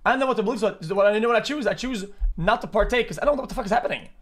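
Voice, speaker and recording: Young streamer, high voice, rapid profane rambling, repeats himself. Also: male voice, fairly bright tone. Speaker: streamer reacting to a video. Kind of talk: live stream reaction commentary.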